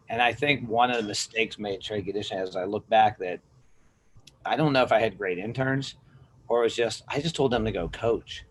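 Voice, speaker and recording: A man's voice: on the low side, slight background noise, rough recording. A middle-aged man from the United States, a gym manager and strength coach, talking casually as a podcast guest and acting out quotes with a raised voice. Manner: animated storyteller, acts out quotes with a raised voice. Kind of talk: casual interview talk.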